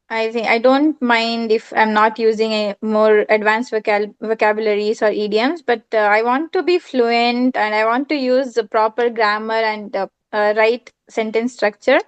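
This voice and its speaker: A woman with an Indian accent, an English learner, speaking hesitantly and politely with many pauses. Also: on the high side, steady tone, clean tone. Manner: hesitant, many "uh" fillers, polite "yes, ma'am". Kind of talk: casual conversation.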